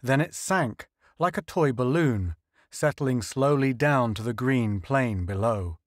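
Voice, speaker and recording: Measured male audiobook narrator. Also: medium pitch, lively intonation, no echo, studio quality. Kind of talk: scripted narration.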